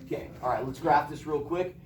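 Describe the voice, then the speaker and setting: A middle-aged man lectures a math class in a slightly high, brisk voice, emphatic and joking. He's recorded from far off in a reverberant classroom with a little hiss or hum.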